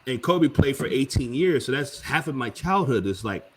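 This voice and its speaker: A man's voice: mid-range voice, lively intonation, moderate pace, a crowd in the background. A man in his thirties hosting a casual panel talk, telling an emotional story with lots of swearing. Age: 30s. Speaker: panel show host.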